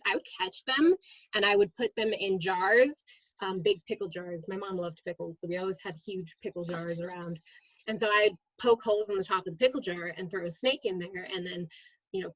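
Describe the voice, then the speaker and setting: A woman, a middle school science teacher, chatting as a guest in an interview and telling lively stories with frequent "um"s. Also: mid-range voice, no room sound, muffled recording. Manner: lively storyteller, many "um"s. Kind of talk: casual interview storytelling.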